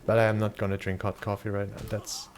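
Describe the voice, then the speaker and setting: A young German man streams a game and chats loosely with his viewers, swearing casually as he answers their questions. His voice is lowish and quick, with a completely flat delivery.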